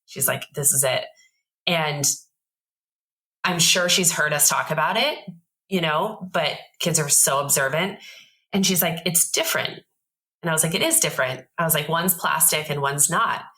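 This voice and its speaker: A woman in her thirties, appearing as a podcast guest, tells a story in a relaxed, animated style and acts out the voices of the people involved. Her voice is low and moves at a normal pace, though the audio quality is poor.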